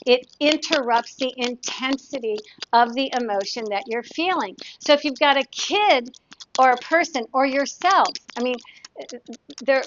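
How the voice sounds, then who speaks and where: A woman's voice: a little high, a bit bright, slight background noise. A woman therapist talking in a chatty, casual teaching way, demonstrating exercises and telling anecdotes. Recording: dull, dry lo-fi sound.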